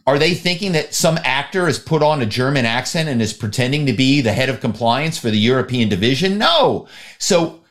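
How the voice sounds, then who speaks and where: Middle-aged male guest, animated storyteller, mid-range voice. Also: mid-range voice, brisk. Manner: animated, acts out calls. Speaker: guest, former corporate spy and actor. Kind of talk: storytelling in an interview.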